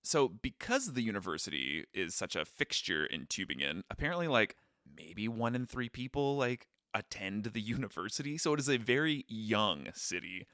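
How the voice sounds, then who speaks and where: Joking man with wildly swinging pitch. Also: moderate pace, hardly any pauses, no room sound, clean studio sound. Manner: joking, animated, self-deprecating. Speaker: podcast co-host. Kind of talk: casual chat.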